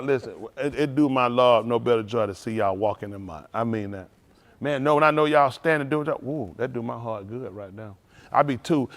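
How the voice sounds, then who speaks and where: A male pastor giving an informal, animated testimony sermon at a service, talking straight to the congregation and laughing often. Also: medium pitch. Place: synagogue service.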